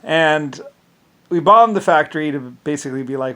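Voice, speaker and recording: A man's voice: medium pitch, a little fast, creaky, a bit bright, low-quality recording. A man in a casual, rambling rant, scornful, full of restarts and fillers.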